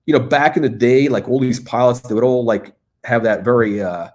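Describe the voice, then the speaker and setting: A man's voice: mid-range voice, fairly quick, a little mellow. Rambling, casual male livestream host. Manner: rambling, with many fillers and restarts.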